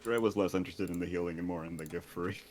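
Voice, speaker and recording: A man's voice: low voice, steady tone, racing, a little mellow. A man playing in a tabletop game, chatting casually and making teasing jokes. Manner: joking, teasing. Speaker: player.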